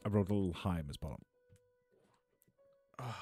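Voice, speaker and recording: A man's voice: deep voice, expressive, moderate pace, pauses often, warm tone, slightly rough, no room sound, faint music behind. A man hosting a live tarot stream, chatting with viewers, laughing often and swearing freely.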